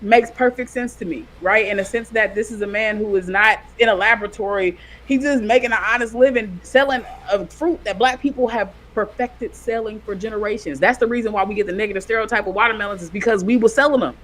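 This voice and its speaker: A podcast co-host in casual commentary chat, animated and fond of acting out what other people said. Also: medium pitch, fast, hardly any pauses, slight background noise. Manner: animated, acts out quoted people.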